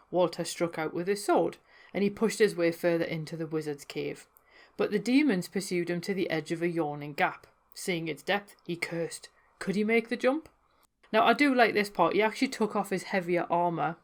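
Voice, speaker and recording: A woman hosting a folklore podcast, telling legends in a chatty way with wry asides. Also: lowish voice. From North East England. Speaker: podcast host. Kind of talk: casual folklore storytelling.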